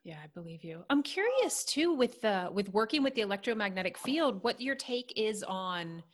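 A woman's voice: mid-range voice, sing-song, normal speed. A woman hosting a conversational interview, reflecting thoughtfully and asking curious questions. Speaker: podcast host.

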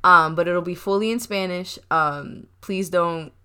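A woman's voice: fairly low pitch, a little slow, bright, forceful tone, clean tone. A young woman hosting a casual chat, talkative and laughing often, with a habit of saying y'all. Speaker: podcast host.

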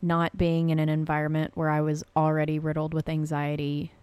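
A woman's voice: sits low, completely flat delivery, brisk, darkish tone, smooth, no room sound. A woman co-hosting a casual home podcast, chatty and giggly, rambling through everyday stories. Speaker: podcast co-host. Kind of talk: casual chat.

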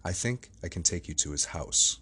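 A man reading the lines of a solemn, grave older lawyer in a measured, formal way, close to his own narrating voice. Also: low-pitched, expressive, sharp tone, slightly rough, heavily acted.

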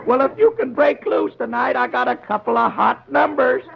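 A rakish old bandleader, breezy and boastful, in a high, gravelly voice. He comes through a dull, hissy old radio broadcast. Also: moderate pace, exaggerated voice.

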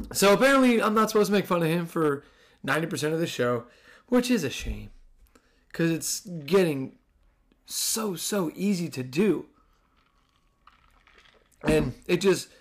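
A young adult man from New Jersey with a New Jersey accent, hosting a casual solo podcast in a sarcastic, animated, swearing manner. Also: a little high. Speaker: podcast host.

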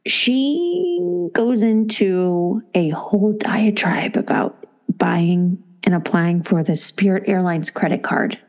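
A woman co-hosting a podcast, chatting casually and telling a travel story with lively acted-out voices for the people in it. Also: mid-range voice, slow pace. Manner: animated storyteller acting out quoted voices. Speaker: podcast co-host. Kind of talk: casual chat.

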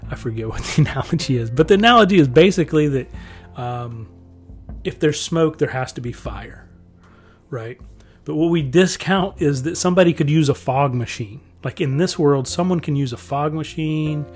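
A man's voice: a little high, expressive, moderate pace, faint music behind. A man talking in a rambling, conversational monologue as a podcast host, chuckling often as he goes. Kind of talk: casual monologue.

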